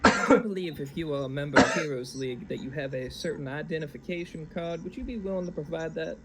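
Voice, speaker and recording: A man's voice: a little high, quick pace, heavy background noise. Argumentative male tabletop player. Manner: argumentative, questioning. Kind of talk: casual game table talk.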